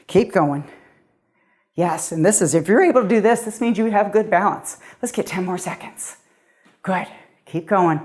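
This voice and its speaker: A woman's voice: mid-range voice, moderate pace, darkish tone. A middle-aged woman fitness coach leading a guided workout, upbeat and encouraging, a little out of breath as she exercises along.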